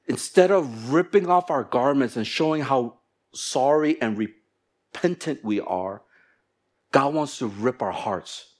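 Guy pastor preaching in church, lively, does little voices for the quoted bits, mid-range voice. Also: medium pitch, unhurried. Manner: animated, acts out little quoted exchanges in shifting voices. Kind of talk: sermon.

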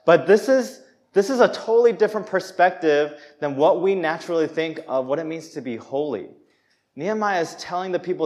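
Lively self-mocking male preacher. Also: a little high, a little fast. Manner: candid, self-deprecating, laughs at himself; lively, acts out quoted voices. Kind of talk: sermon. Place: church.

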